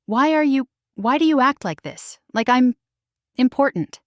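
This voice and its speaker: A scared young pregnant she-wolf speaks in a soft, lifted, hesitant voice, as a woman narrator reads her lines. Her words come slowly, in a dry close recording. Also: high voice, lively intonation, no echo, voice pushed up. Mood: fearful. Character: frightened young pregnant werewolf woman, unsure. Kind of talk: scripted story narration.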